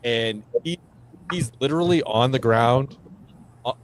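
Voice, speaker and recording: A male veteran guest telling an army anecdote in casual chat, animated and coarse, laughing at his own stories. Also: medium pitch, unhurried. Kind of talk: casual storytelling.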